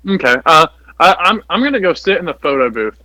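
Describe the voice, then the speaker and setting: A man's voice: on the high side, sing-song, brisk, pushed and bright, no echo, poor audio. A man playing a horror tabletop game, hesitant and playful, often stammering. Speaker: player. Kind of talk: tabletop role-play.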